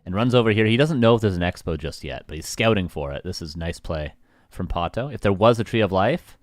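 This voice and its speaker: A man's voice: sits low, animated, a little fast, no echo, studio quality. A man with a West Coast Canadian accent casting a live strategy game match, joking with chat and laughing often between calls. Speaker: esports caster.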